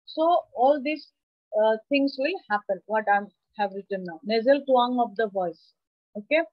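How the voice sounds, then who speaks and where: A woman's voice: fairly high pitch, normal speed, dry recording, highs cut off. Woman lecturing an online anatomy class. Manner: explanatory, asks the class questions. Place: online video call class. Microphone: computer mic on a video call.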